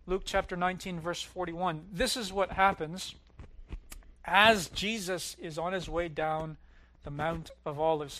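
Man, pastor, sermon, emphatic, ringing tone, raised pitch. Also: steady tone, unhurried. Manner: emphatic preaching, swells loud then drops low and quiet.

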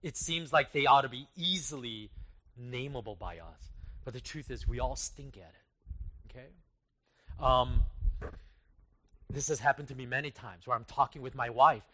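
A male pastor giving a conversational, self-deprecating sermon, swinging between loud emphasis and quiet trailing phrases. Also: medium pitch, normal speed, pauses often.

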